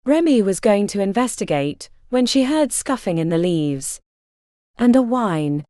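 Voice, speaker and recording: A woman narrating a fantasy audiobook in an expressive, dramatic reading style. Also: medium pitch, a little slow, dry recording, studio quality.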